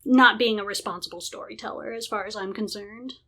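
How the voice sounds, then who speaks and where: A woman co-hosting a podcast, giving deliberate, opinionated views on running tabletop games. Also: medium pitch, fairly even intonation, bright, forceful tone. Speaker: podcast co-host. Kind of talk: casual chat about running tabletop games.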